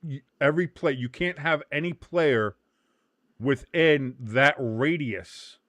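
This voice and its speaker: A man's voice: medium pitch, slow pace, dry recording. A man from the United States hosting a casual watch-along stream, explaining the game and cracking profane jokes. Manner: profane, joking, animated. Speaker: host.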